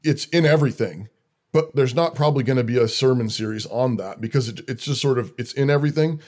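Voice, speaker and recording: This is a man who leads a church, talking in a relaxed interview. He speaks earnestly and lays out plain daily rules in quick rhythmic lists. His voice sits in an ordinary middle pitch. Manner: earnest, rhythmic listing of practical commands. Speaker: church leader. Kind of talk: conversational interview talk.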